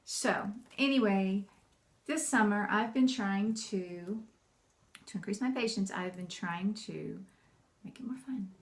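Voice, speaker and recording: A homeschooling mom talking casually to camera, chatty and animated, laughing often and acting out the bossy and cheerful voices she uses with her kids. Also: medium pitch, takes it slowly.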